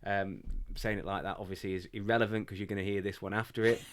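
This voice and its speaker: Low-voiced rambling male podcast host. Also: steady tone, quick pace. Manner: rambling, jokey, self-deprecating. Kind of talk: casual podcast chat. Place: warm indoor office.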